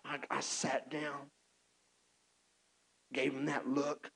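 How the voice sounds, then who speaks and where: A man from Texas, telling his own story in an animated, self-mocking sermon with lots of restarts. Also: mid-range voice, slow, breathy edge. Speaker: preacher.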